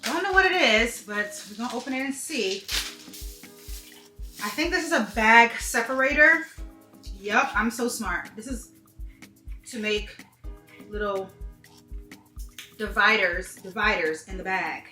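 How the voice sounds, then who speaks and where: A young woman unboxes a gift on camera, gushing and exclaiming straight to her viewers. Her voice sits a little high and rings bright and sharp. The room is echoey, with faint music underneath. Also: measured pace, pauses often. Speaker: beauty vlogger. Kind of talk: excited unboxing vlog.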